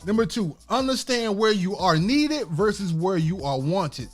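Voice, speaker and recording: High, lively man hosting a podcast. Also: unhurried, faint music behind. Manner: laughing, stumbling through points. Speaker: podcast host. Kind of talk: casual podcast chat.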